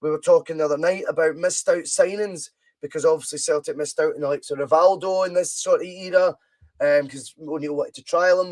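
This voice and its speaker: Chatty Scottish man hosting a stream. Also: a little high. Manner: chatty banter, reading out viewer comments. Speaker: podcast host streaming a football management game. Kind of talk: casual live-stream chat.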